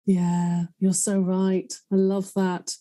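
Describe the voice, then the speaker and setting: A woman's voice: medium pitch, monotone, takes it slowly, mellow, dry recording. A woman hosting a podcast interview, effusive and affectionate, openly emotional and close to tears. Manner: effusive and affectionate, calls guest darling and love. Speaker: podcast host. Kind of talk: casual interview chat.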